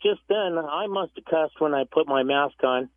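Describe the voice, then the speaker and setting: High-voiced male caller on a tinny phone line. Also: normal speed, no echo. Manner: rambling, plain storytelling. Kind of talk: telling a story on a phone call.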